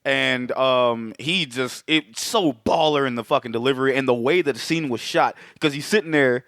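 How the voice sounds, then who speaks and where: A man co-hosting a podcast, casually recapping a film and swearing a lot as he acts out lines in quick voices. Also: medium pitch, fairly bright tone, dry recording, studio quality. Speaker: podcast co-host.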